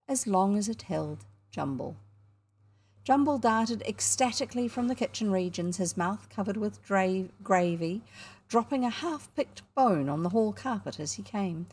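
A woman with a New Zealand accent narrating a children's book in a measured, expressive way. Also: mid-range voice, breathy edge. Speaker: audiobook narrator. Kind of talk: storybook narration.

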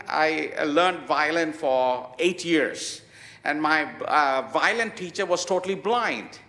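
A man preaching a sermon in an emphatic way, with many pauses and fillers. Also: a little high, sharp tone, echoey room. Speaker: pastor.

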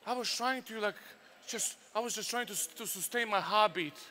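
A man with a Serbian accent telling stories and preaching at a youth workshop, animated and full of sound effects. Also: high voice, normal speed, a little hiss or hum. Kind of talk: storytelling youth workshop talk.

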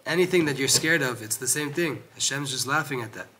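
A man giving a Torah lesson who reads Hebrew passages quickly and explains them in English with frequent restarts. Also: a little hiss or hum. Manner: grows loud and high when animated, drops low when lecturing. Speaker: Torah teacher.

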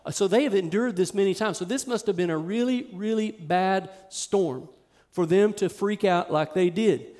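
High-voiced pastor preaching emphatically. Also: male voice, moderate pace, darkish tone. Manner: conversational, emphatic preaching that swells in intensity. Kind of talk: sermon. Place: church sanctuary with a live congregation.

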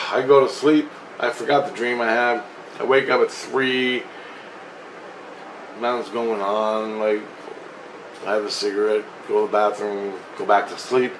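A man's voice: lowish voice, flat delivery, unhurried, pauses often, fairly bright tone, slight background noise, low-quality recording. A man telling a personal story in a rambling, agitated, profane way, restarting often. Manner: profane, agitated, restless retelling with frequent restarts.

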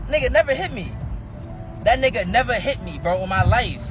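A man's voice: very high voice, lively intonation, a little fast. A young man in a heated casual rant, repeating himself and swearing, worked up after a fight. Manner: agitated, repetitive, swearing. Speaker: vlogger. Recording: loud music and crowd behind.

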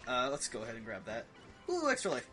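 A young man giving rambling, excitable commentary over a video game, swearing and yelping as he plays. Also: medium pitch, fast, faint music behind. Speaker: gaming video host. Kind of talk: rambling let's play commentary.

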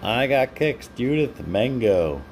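A man's voice: medium pitch, very animated, slow, slight background noise. A man hosting a casual live stream, chatting with viewers by name and laughing often while he reads their comments. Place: home.

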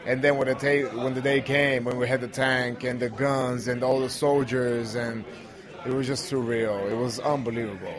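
A man's voice: mid-range voice, fairly even intonation, moderate pace. Blunt man, crowd behind. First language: Bulgarian. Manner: blunt, confident short answers. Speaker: interview guest, pro wrestler. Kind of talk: casual interview.

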